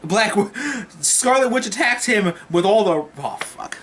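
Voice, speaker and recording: An excitable male movie reviewer recapping a film in a slightly high voice. He rambles and swears freely, talking to the camera like he is chatting with friends. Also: a little slow, noisy background.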